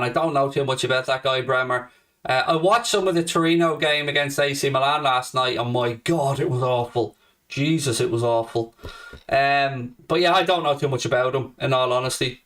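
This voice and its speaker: A man's voice: mid-range voice, a bit bright, distant mic. A young Irish man hosting a live stream, reading out viewer comments and answering with brash, profane banter. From Ireland. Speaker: host.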